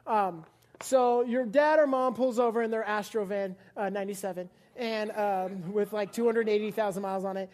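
With a steady, darkish, mid-range voice at a moderate pace, a young woman preaches to a live church congregation. Her sermon is casual and playful; she talks with the crowd, laughs frequently and acts out little scenes.

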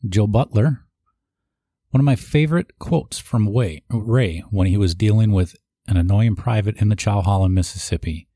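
Man, very low voice, dark tone, dry close sound, reading tributes, adds asides. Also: moderate pace, dry recording. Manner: reads aloud, with asides and restarts. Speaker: eulogy reader.

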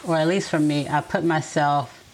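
Low, gravelly-voiced woman giving gentle advice. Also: steady tone, normal speed, low-quality recording. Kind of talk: casual chat.

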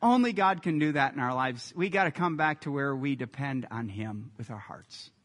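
A man preaching a sermon as a pastor, earnest and emphatic, building to loud peaks. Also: medium pitch, expressive, normal speed. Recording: echoey hall reverb.

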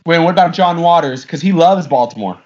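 A man's voice: a little high, expressive, fairly quick, a little mellow. A male podcast host asking curious, prompting interview questions. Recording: dull lo-fi sound.

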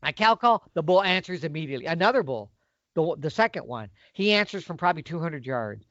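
Animated middle-aged man telling a hunting story. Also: on the high side, fairly quick, dry recording. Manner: animated, folksy storyteller with lively swings. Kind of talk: casual storytelling. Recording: dull, lo-fi dry sound.

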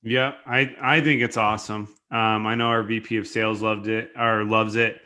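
Casting: male podcast host, low voice with a bright, forceful edge, upbeat and casual. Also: level tone, moderate pace. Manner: upbeat, casual, many fillers. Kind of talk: podcast interview.

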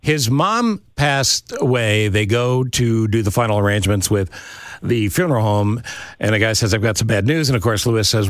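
A man in his sixties hosting a casual interview, telling stories with lively delivery and frequent laughs. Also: medium pitch, moderate pace, dry recording, studio quality. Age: 60s. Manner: animated storyteller, laughs often. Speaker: podcast host.

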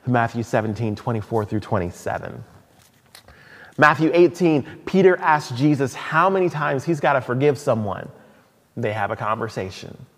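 A man's voice: medium pitch, animated, moderate pace. Casual-toned male preacher in echoing hall. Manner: conversational, with asides and restarts. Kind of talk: sermon. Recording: long hall reverb.

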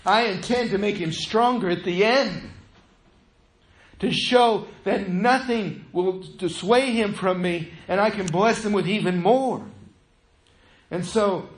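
High-voiced preaching man in an echoey room. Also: slow pace. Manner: animated preaching, swinging from loud to hushed. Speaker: pastor. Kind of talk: sermon. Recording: echoey room, faint noise.

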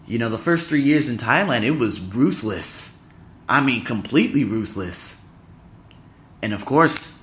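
A man's voice: mid-range voice, lively intonation, normal speed, a bit bright. A young adult man hosting a podcast, giving an emphatic, preachy motivational talk to a live audience and repeating phrases for effect. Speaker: podcast host.

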